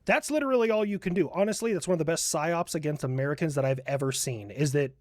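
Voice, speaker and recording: A man's voice: on the high side, fast, no echo, studio quality. A man streaming a reaction video, joking crudely and swearing often. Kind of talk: casual reaction commentary.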